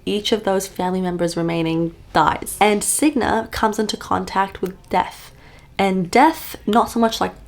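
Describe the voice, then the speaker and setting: A woman's voice: lowish voice, creaky. A young woman in her twenties chatting casually about a book she is reading, upbeat and full of fillers, recorded on a camera-mounted mic at home. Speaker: book vlogger. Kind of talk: casual reading vlog chat. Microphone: camera-mounted shotgun mic.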